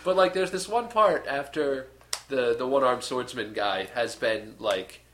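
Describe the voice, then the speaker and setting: The echoey room carries a little hiss or hum as a young man, co-hosting a podcast, retells a movie in his unhurried, mid-range, fairly bright voice. His delivery is rambling and filler-heavy, with acted-out bits from the scenes.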